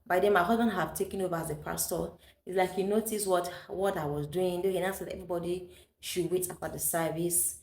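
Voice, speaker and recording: A woman's voice: fairly low pitch, steady tone, brisk, darkish tone, reverberant. A woman with a Nigerian accent, a vlogger chatting through a personal story, slipping into Pidgin English and laughing often.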